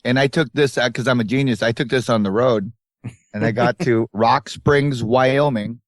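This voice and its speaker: A man's voice: medium pitch, fairly even intonation, moderate pace, dry recording. Dry, close-miked man telling stories. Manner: rambling anecdotes with acted-out quotes. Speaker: podcast co-host. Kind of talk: casual storytelling chat. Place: tour bus.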